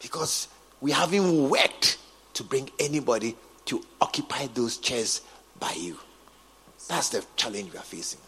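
A man with a Ghanaian English accent preaching a sermon as bishop, emphatic and repetitive, swinging from quiet asides to shouts. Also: medium pitch, expressive, measured pace, slightly rough, in a large hall. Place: large cathedral.

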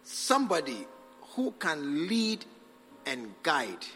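Man preaching, high lively voice, bright tone, long church reverb, faint music behind. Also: slow pace. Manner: animated, acts out scenes, shouts for effect. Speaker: pastor. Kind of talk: sermon.

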